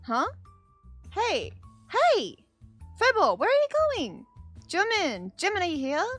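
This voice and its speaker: A woman reading the lines of a vain, jumpy young male actor from a game, excitable and jumping high when startled. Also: normal speed, soft background music. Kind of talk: dramatic game dialogue read aloud.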